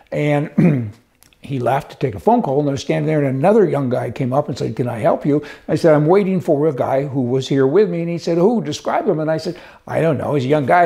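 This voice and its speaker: An older man with a slightly high, gravelly, dark-toned voice hosts a talk show, rambling casually through folksy jokes and stories. He restarts often as he moves through this joke-telling and commentary.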